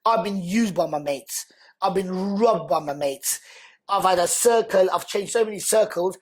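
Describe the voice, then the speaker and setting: A man, a podcast guest, telling his story in a lively, conversational way and acting out the dialogue. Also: sits high, normal speed. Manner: animated, acts out quoted dialogue.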